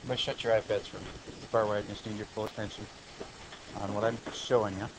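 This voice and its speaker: A man teaching high school math in a classroom lecture, explaining steps plainly and breaking off into joking asides. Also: level tone, very fast, background noise.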